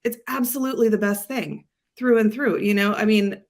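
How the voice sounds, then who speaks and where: A woman's voice: mid-range voice, fairly even intonation, moderate pace, a little mellow. A woman guest on an interview chat, talking with rambling enthusiasm and plenty of fillers. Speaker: agency guest.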